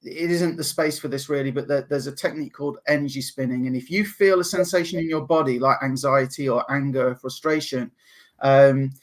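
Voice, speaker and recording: English male podcast guest, upbeat, animated, laughs often. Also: mid-range voice, a little fast. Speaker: guest, NLP practitioner. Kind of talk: podcast interview.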